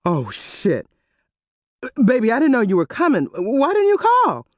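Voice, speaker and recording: A woman narrator voicing a panicked, sweating man who pleads in a shrill, desperate voice. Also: sing-song, moderate pace, darkish tone, no room sound, clean studio sound. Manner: shrill and high-pitched.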